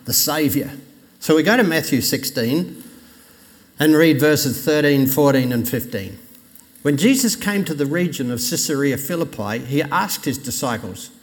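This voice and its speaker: A man preaching a Sunday sermon in a conversational way, lifting his voice for emphasis and dropping it low when he quotes scripture. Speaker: pastor. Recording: long reverb of a church hall.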